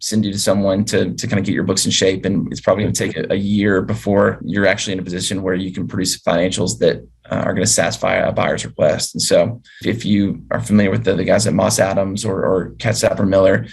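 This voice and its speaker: A man's voice: low voice, flat delivery, fast, creaky, hardly any pauses, husky. A man presenting a business training webinar as an advisor, explaining in a conversational way through client stories.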